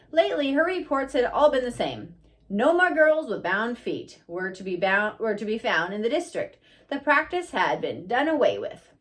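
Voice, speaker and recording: Female audiobook reader, steady narration, slightly high pitch. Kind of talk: reading a biography aloud.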